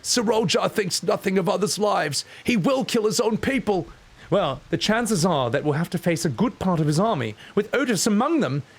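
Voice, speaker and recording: A man's voice: high voice, animated, moderate pace, breathy edge, pitched above the performer's own voice, exaggerated voice. A man voicing a brash young female warrior from a game, reading her lines in a raised, eager voice over game music. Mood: urgent.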